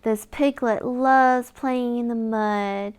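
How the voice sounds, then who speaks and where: Slow, high-voiced woman reading to children. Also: steady tone, clear, resonant tone. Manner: gentle, gasping, sing-song questions to the child. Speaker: children's book reader. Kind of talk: read-aloud for young children.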